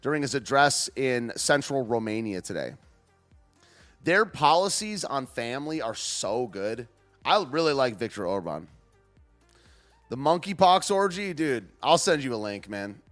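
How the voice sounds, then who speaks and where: A man's voice: medium pitch, very animated, measured pace, fairly bright tone, soft background music. A man hosting a show, rambling through news clips in loose, slangy casual commentary and laughing often. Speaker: show host.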